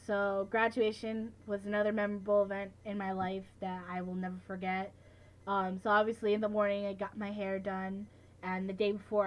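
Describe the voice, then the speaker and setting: A woman's voice: medium pitch, rough recording. A teenage girl recapping events in a casual vlog, chatty and full of filler words like "like" and "you know". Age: late teens. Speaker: vlogger.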